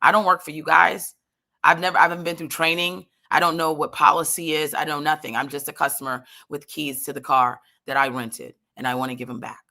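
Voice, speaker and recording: A woman telling a comic story in an animated, exasperated way, swearing freely. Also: low voice, fairly quick.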